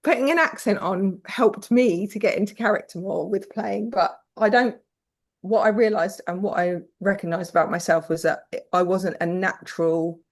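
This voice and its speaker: A woman's voice: medium pitch, moderate pace. Frank, swearing British woman. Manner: frank and swears casually, acts out quoted voices. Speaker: podcast guest. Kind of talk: candid conversational storytelling.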